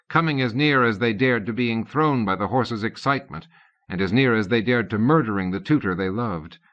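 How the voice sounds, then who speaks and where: A man narrating an audiobook in a steady, measured reading. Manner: steady, measured reading, raising pitch for characters' lines. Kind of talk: scripted narration. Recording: dull lo-fi cassette audio.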